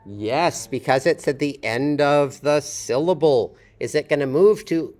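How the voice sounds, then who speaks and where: Guy teaching english sounds to a class, slow and careful, bit high voice. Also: a little mellow. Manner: explains slowly, drawing out sample words. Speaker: phonetics teacher. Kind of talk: classroom lecture.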